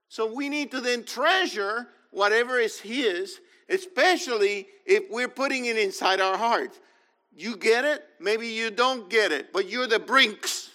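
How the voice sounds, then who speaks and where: A man preaching in a high, bright voice that rings out with a long hall reverb. He teaches emphatically, repeating his points and checking in with the listeners. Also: measured pace. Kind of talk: sermon.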